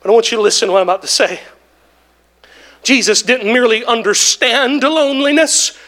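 A man preaching a sermon in church, building to shouts and drawn-out, emphatic phrases broken by "oh" and "hallelujah". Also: very high-pitched. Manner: drawn-out emphatic delivery with interjected "oh" and "woo, hallelujah". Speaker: pastor.

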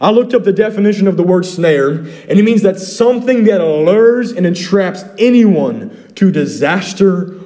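A man's voice: sits high, dark tone. A man preaching a sermon as pastor, reading scripture and pressing his congregation with repeated questions.

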